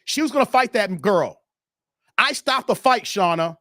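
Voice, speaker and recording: A man tells a story to his viewers in a loose, profane rant. His fairly high voice leaps up and down with lively expression. The sound is close and dry, with no room echo. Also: a little slow. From Chicago, USA. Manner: animated, profane, talks straight to viewers. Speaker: YouTube commentator.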